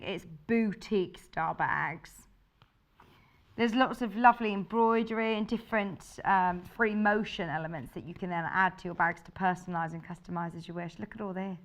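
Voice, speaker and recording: Bubbly lady on a shopping channel, chatty sales talk, mid-pitched voice, rambles a bit. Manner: chatty, bubbly, thinks aloud. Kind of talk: live sales presentation of sewing kits. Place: TV studio.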